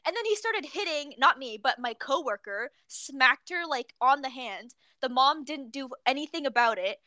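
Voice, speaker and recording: A young woman co-hosting a casual chat, telling work stories in a giggly, animated way. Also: sits high, normal speed, dry recording. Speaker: podcast co-host.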